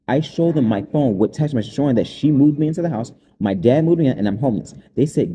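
A man's voice: medium pitch, animated, fast talker, warm tone, breathy edge. A man telling his own story in an unscripted, rambling monologue, aggrieved and agitated, jumping from one event to the next.

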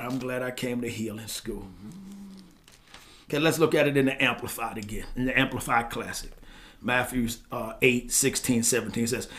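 A man preaching a sermon as pastor, swinging between loud exclamations and quiet asides and asking his listeners questions. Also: medium pitch, steady tone, moderate pace.

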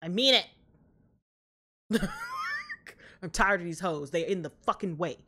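A young woman hosting a reaction video, talking casually and trash-talking the characters loudly with plenty of swearing, recorded at home on a desk mic. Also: on the low side, measured pace, long pauses, breathy edge. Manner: loud, profane, animated trash talk at the screen.

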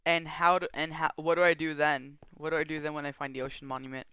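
A man's voice: a little high, level tone, fast talker, background noise. A man streaming a survival game, chatting and joking goofily with friends and chat. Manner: goofy, joking, bantering with chat. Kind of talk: casual gaming chat.

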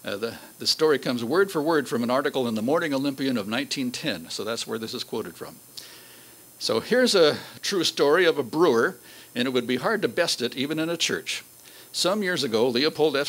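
A man giving a local history talk, reading old newspaper quotes aloud in a measured way with fillers. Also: mid-range voice, fairly bright tone, rough recording.

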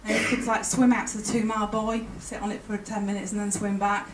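A woman speaks to a conference audience with emotion and chattiness, stopping to restart often. Her pitch is medium with little movement. The distant mic records a roomy hall with faint ambience and a noisy background.

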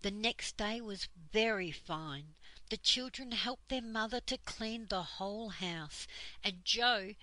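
Slow, bright older woman reading aloud. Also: medium pitch, no echo, poor audio. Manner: slow, gentle storytelling. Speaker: storyteller. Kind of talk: reading a children's book aloud.

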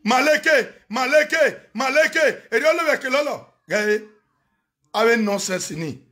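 Very high, sharp-voiced shouting Nigerian man. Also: animated, slow. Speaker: social media personality on a live video. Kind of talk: animated live-stream rant and chanting.

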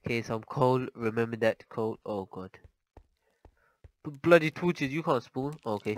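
A young-sounding man talks through his own gameplay in a loose, chatty way. He startles easily and tips into panicky exclamations, and his voice sits at an ordinary middle pitch. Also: normal speed, slight background noise, rough recording. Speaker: gaming channel host. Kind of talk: casual gameplay commentary.

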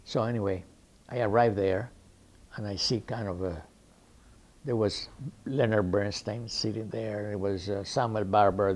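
A Cuban man whose first language is Spanish, speaking English with a Cuban Spanish accent. He is an actor in an interview, telling his anecdotes lively and acting out the people he quotes. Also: on the low side. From Cuba. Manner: lively raconteur who acts out the people he quotes.

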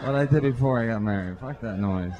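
A man performing a profane stand-up routine on a comedy club stage, throwing quick asides to the crowd through a handheld mic. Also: mid-range voice, muffled recording, noisy background. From Irish-American.

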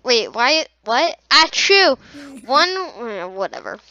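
A woman's voice: high-pitched, sing-song, takes it slowly, bright, forceful tone, slight background noise. A woman YouTuber giving goofy, playful reaction commentary, teasing and mock-challenging her viewers. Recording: dull lo-fi sound.

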